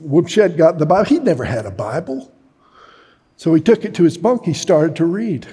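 Husky preacher in a reverberant hall. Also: male voice, on the high side, big pitch swings, moderate pace. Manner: dramatic, shouts at story climaxes. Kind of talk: sermon storytelling.

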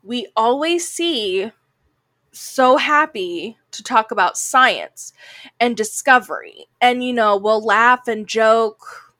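A woman's voice: on the high side, animated, slow pace, pushed and bright, dry recording. A woman co-hosting a casual anime discussion podcast, chatty and full of "like" fillers, sounding a bit like a Valley girl. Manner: chatty, heavy use of "like" fillers. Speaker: podcast co-host.

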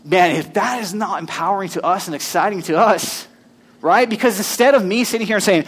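A male pastor preaching a sermon in a conversational, animated way, reading scripture aloud to his congregation. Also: sits high, a little fast, breathy edge.

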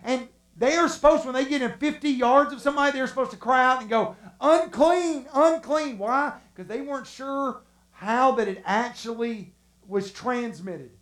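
A preacher delivering an animated sermon, acting out the stories with sudden shouts and hushed passages. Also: high-pitched, normal speed. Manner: animated, acts out the stories with shouts and drops to a hush. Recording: roomy echo.

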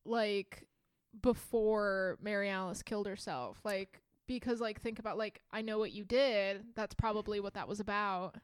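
Smooth-voiced young woman, dry sound. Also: medium pitch, steady tone, normal speed, dry recording. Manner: casual, acts out characters' lines while retelling scenes. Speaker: podcast co-host. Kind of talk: casual chat recapping a TV episode.

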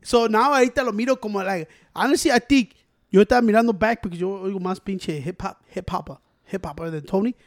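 A man's voice: sits high, quick pace, no room sound, studio quality. A man chatting casually about rap, switching between English and Spanish with slang and swearing. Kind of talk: casual chat.

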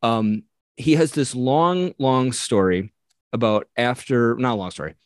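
Animated storytelling man, dry close mic. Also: medium pitch, measured pace, no room sound. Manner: animated retelling, acting out quoted characters. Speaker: podcast co-host. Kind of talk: casual storytelling chat.

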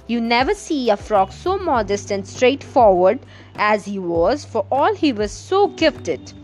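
Woman, storyteller, lively melodic voice, higher pitch, expressive pacing, faint music behind. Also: a little slow. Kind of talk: reading a folk tale aloud.

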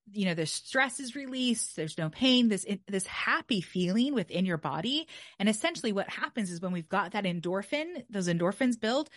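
A woman's voice: medium pitch, no room sound. Upbeat woman podcast host, dry close mic. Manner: chatty and upbeat, laughs at own jokes; coaching listeners through exercises. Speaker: podcast host teaching about the brain. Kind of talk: casual teaching talk with guided breathing. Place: at a desk, indoors. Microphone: desk microphone, leaning in close.

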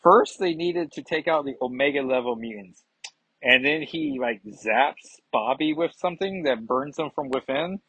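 A man's voice: on the high side, animated, moderate pace, fairly bright tone, breathy edge, dry recording. A man giving a chatty, rambling comic book review, with self-mocking asides. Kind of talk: casual review vlog. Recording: dull lo-fi sound.

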